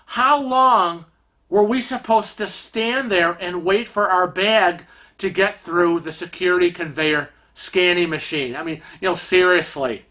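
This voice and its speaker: A chatty man telling a travel story in a casual vlog, full of fillers and animated asides. His voice is bright and sits a little high. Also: unhurried. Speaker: vlogger.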